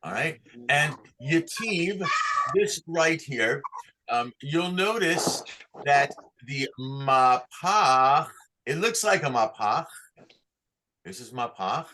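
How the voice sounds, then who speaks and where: A man's voice: a little high, expressive, slow pace, noisy background. A man teaching Torah cantillation online, patiently explaining each sign and singing short chant examples for the class to repeat.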